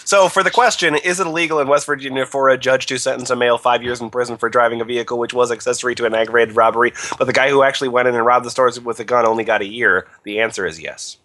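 Male host, bright tense tone, dry mic, sarcastic. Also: medium pitch, rapid-fire, hardly any pauses, dry recording. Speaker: podcast host. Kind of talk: comedy podcast banter.

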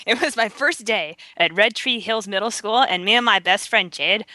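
A woman's voice: medium pitch, normal speed, sharp tone, no echo. A woman reading a story aloud to a podcast panel in a playful, mock-spooky way. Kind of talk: comic group chat, dramatic reading.

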